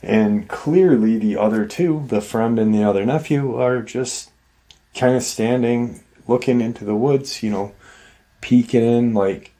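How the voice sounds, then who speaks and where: A man's voice: mid-range voice, a little slow, dark tone. A man hosting a show, casually retelling someone's frightening story in a loose, conversational way with many fillers. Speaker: host and storyteller. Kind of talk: casual storytelling of a retold encounter.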